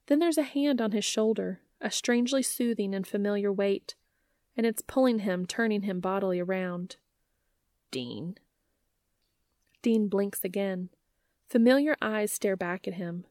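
A woman narrating a story aloud in a measured, gentle manner. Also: medium pitch, no room sound, clean studio sound. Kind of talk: reading fan fiction aloud.

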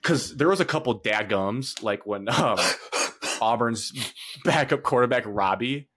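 A young man co-hosting a sports podcast, telling an animated story in casual chat, full of fillers. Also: mid-range voice, unhurried. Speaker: podcast co-host.

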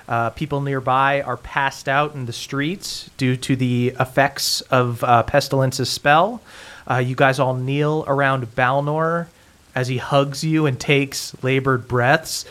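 A man narrating as game master of a tabletop game, relaxed with frequent fillers and restarts. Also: medium pitch.

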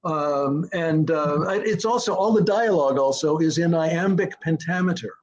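A man's voice: fairly high pitch, normal speed. An older man, a screenwriter guest, tells stories in a rambling way, with many fillers and restarts, and sometimes taps out a rhythm aloud. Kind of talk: anecdotal storytelling interview. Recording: dull lo-fi sound.

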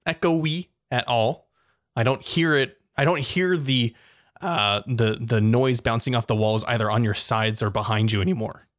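A man's voice: mid-range voice, normal speed. A man co-hosting a podcast, chatting playfully and laughing often. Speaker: podcast co-host. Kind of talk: casual chat.

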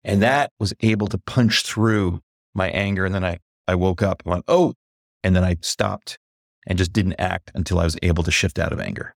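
A man being interviewed as an executive coach on a podcast, speaking candidly and reflectively, slowing down on key points and growing animated as he recounts a story. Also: deep voice, vocal fry, no room sound, clean studio sound. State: briefly emotional.

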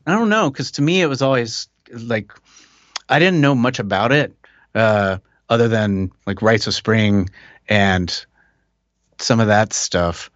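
Man, podcast host, animated, casual chat, dry close sound. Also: on the low side, a little slow, no room sound, lo-fi sound. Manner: animated, talks with his hands.

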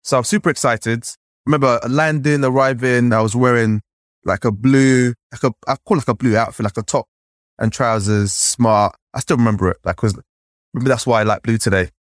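A man from Nigeria, a podcast guest, recounting his childhood in a lively storytelling way, often saying "like" and acting out the voices he remembers. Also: medium pitch, fairly quick, no echo, studio quality. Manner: animated, acts out remembered voices, frequent "like". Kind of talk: storytelling in conversation.

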